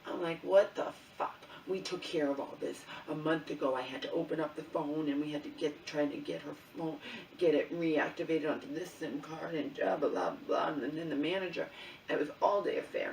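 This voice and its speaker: Speaking in a low register, a middle-aged woman vlogger recounts a personal grievance full of profanity, often tossing in "okay?" and "you know?". The recording is echoey and distant, with a little background noise.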